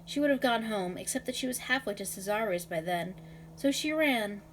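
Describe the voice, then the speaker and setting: A woman reading a novel aloud in a measured, expressive way. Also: medium pitch, a little hiss or hum, poor audio. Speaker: reader.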